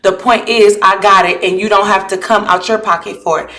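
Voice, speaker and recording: A woman's voice: mid-range voice, steady tone, fairly quick, bright, forceful tone. A woman chats straight to her viewers through a phone or camera mic. She reads messages aloud and retells an argument bluntly, heated and swearing often, then asks viewers to judge who was wrong. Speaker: vlogger. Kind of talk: casual chat to viewers. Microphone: camera or phone mic while live.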